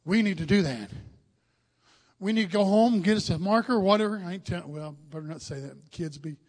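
A man preaching a Pentecostal revival sermon, praying in a fervent, chanting way that rises to crying shouts. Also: sits high, a little fast. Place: church sanctuary at the altar. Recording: music behind, long church reverb.

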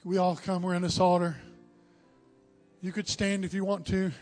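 A man preaching a Pentecostal revival sermon, praying in a fervent, chanting way that rises to crying shouts. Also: high-pitched, flat delivery, moderate pace. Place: church sanctuary at the altar. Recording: music behind, long church reverb.

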